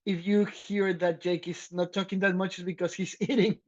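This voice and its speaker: A man co-hosting a podcast, talking loudly and excitedly in casual chat and laughing often, with a slight lilt. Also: sits high, normal speed, muffled recording. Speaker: podcast co-host.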